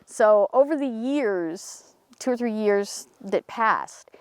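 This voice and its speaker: A woman's voice: takes it slowly, clean tone, no room sound. A woman outdoors in a cemetery, telling a story casually and acting out the voices of the people in it. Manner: animated, acts out quoted voices in a higher pitch. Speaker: paranormal team member telling a local story.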